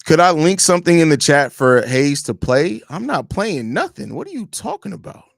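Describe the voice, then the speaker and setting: A man's voice: fairly high pitch, sing-song, normal speed, gravelly, no echo, studio quality. A man hosting a casual live-stream sports talk show from home, opinionated and rambling, often restarting his sentences. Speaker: host of a basketball fan podcast.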